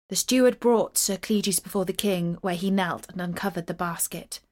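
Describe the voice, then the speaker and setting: A woman reading a medieval tale aloud in a steady, clear storytelling voice. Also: lowish voice, moderate pace, few pauses.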